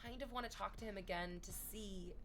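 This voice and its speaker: A young adult woman, chatting casually on a stream, rambling and self-deprecating with loud outbursts. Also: medium pitch, a little fast, slight background noise.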